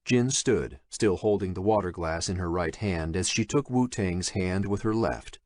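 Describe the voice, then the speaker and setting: A male narrator reading a thriller audiobook in a measured, expressive storytelling manner. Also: low voice, no room sound, clean studio sound. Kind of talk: scripted horror thriller narration.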